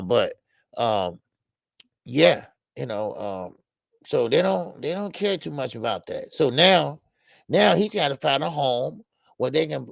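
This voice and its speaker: An older man in a casual boxing call-in show, speaking in a Black with a heavily gravelly, fry-laden voice that sits a little higher than most men's. He rambles loosely and profanely, stacking stammered fillers and chuckling at his own jokes. The sound is dry and close, with no room around it. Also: dry recording.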